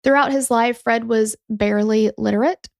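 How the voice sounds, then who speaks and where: A woman's voice: on the high side, steady tone, normal speed, vocal fry, darkish tone, no echo, clean studio sound. A woman co-hosting a true-crime podcast, chatting casually with lots of fillers and some swearing. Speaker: podcast co-host.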